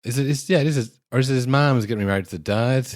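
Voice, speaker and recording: A man's voice: mid-range voice, rapid-fire, a little mellow, dry recording, studio quality. A man co-hosting a podcast, reviewing a film in casual chat, wry and rambling, swearing now and then. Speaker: podcast co-host.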